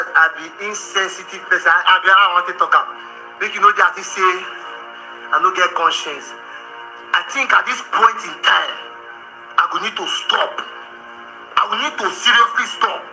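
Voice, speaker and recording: A man with a Nigerian accent ranting in a vlog, loud and combative, often breaking into laughter and shouts. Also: high voice, moderate pace, pauses often, echoey room, soft background music, rough recording. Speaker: social media commentator.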